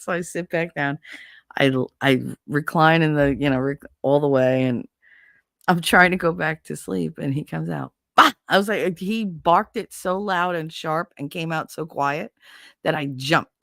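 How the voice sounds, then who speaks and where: Rich: A middle-aged woman with a New York accent, on the low side for her voice, telling a story in a close, dry recording. She is animated and blunt, swears casually, laughs a lot and acts out the people in the story. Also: moderate pace, gravelly, dry recording. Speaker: podcast host.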